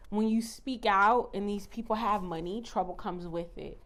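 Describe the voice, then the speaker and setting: A woman's voice: mid-range voice, moderate pace, few pauses. A woman talking casually as a tarot reader in a vlog, blunt and defiant and swearing freely, recorded on a phone mic.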